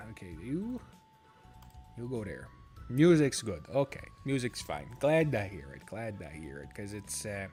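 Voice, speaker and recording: A man streaming a strategy game, rambling in casual commentary, swearing freely and joking at his own expense. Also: darkish tone. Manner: lowers voice at times so a roommate's call isn't disturbed.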